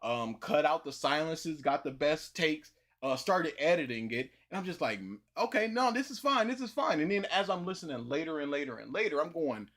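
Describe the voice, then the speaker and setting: A man hosting a casual livestream, telling a long story with lots of repetition and animated emphasis. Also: a little high, brisk, hardly any pauses.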